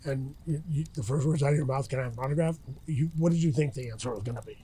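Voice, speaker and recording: A man's voice: medium pitch, normal speed, mellow, breathy edge. A middle-aged man talking casually as an interview guest outdoors by a campfire, rambling with many restarts and fillers. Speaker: interview guest, retired fighter.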